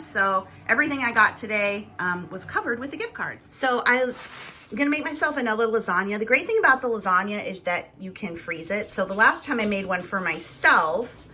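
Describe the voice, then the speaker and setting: A woman's voice: on the high side, pushed and bright, slight background noise. A woman vlogger chatting casually to the camera at home, rambling along in a self-deprecating way. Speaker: lifestyle vlogger.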